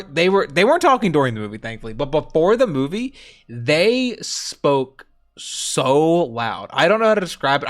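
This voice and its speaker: A young man co-hosting a stream, telling rambling, animated stories in casual chat. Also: fairly high pitch. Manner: animated storytelling, rambling with restarts. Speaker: streamer co-host.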